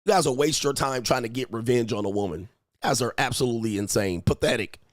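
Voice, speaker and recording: A man's voice: medium pitch, fast, dry recording, clean studio sound. A man hosting a livestream as a coach, talking in a brash, mocking, profane way. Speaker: dating and lifestyle coach, livestream host. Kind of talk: unscripted livestream commentary.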